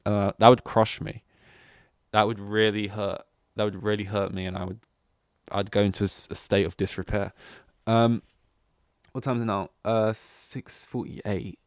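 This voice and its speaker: Rambling young man, low voice. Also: level tone, normal speed, long pauses, no room sound, clean studio sound. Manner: rambling, self-mocking, many restarts. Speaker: podcast host. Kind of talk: solo casual podcast chat.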